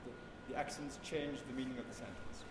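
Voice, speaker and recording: A man leading a chant workshop who explains slowly and now and then sings short examples. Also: mid-range voice. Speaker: chant teacher. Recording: echoey hall with background noise.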